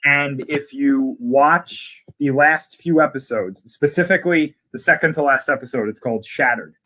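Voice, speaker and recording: A man's voice: mid-range voice, normal speed, sharp tone. A man in casual conversation, eagerly retelling scenes from a series in detail. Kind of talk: casual chat.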